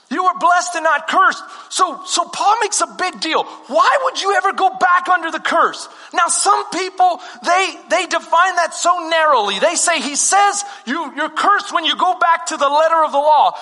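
A man's voice: very high-pitched, bright, forceful tone, long reverb tail. A male pastor preaching a sermon with fervor, driving points home with emphatic rhetorical questions.

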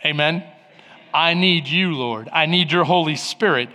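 A man's voice: on the high side, moderate pace, bright, forceful tone, big-room sound. A man in his forties preaching a sermon as pastor, calling out to the congregation with rising fervor. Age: 40s.

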